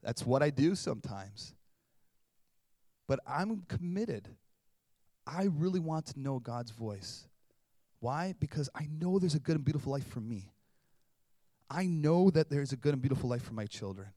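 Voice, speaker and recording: A man's voice: medium pitch, normal speed, long pauses, no room sound, studio quality. A man in his thirties, a pastor, preaching a casual, conversational sermon and acting out little voices. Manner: conversational, animated, acts out voices.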